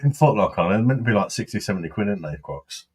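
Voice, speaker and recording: A man's voice: on the low side, lively intonation, fast, slightly rough. A man hosting a casual beer review, blunt and sweary, and he laughs often. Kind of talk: casual chat.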